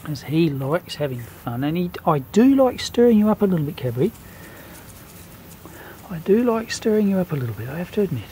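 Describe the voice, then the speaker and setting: A woman talking to her cat in soft, doting baby talk, outdoors in a garden. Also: fairly low pitch, sing-song, fairly quick, slight background noise, low-quality recording. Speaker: cat owner filming her cat. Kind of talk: cooing talk to a pet.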